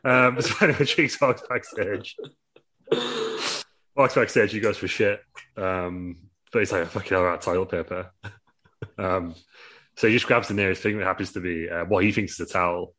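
A man's voice: on the low side, normal speed, pauses often, sharp tone. A man telling a rambling, laugh-filled story in casual podcast chat, swearing freely. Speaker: podcast co-host.

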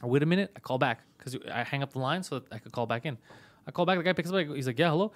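Fast-talking, swearing comedian man. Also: a little high. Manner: animated, profane, acts out both sides of phone calls. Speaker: comedian podcast host. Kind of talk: casual storytelling chat.

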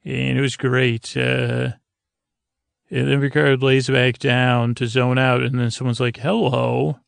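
A man's voice: medium pitch, monotone, measured pace, vocal fry, smooth, no room sound. A man hosting a podcast, giving a meandering, hesitant episode recap full of fillers, meant to lull listeners to sleep. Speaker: podcast host.

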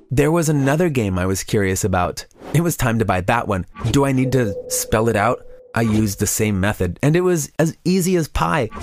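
Man, scripted first-person narration, earnest, mid-pitched, faint background noise. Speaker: storyteller.

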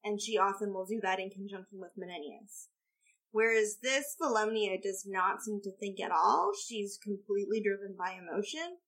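A woman co-hosting a podcast, chatting in a lively way about a theatre production. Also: medium pitch. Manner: lively, chatty, quick to act out quotes. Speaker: podcast co-host. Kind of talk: casual theatre discussion.

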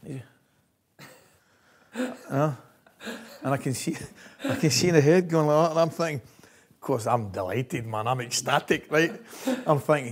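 A man with a Scottish accent, a former football coach, telling stories in an interview, laughing often and checking in with "right?". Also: on the high side. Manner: lively storyteller, laughs often, says "right?" constantly. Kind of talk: anecdotal interview chat.

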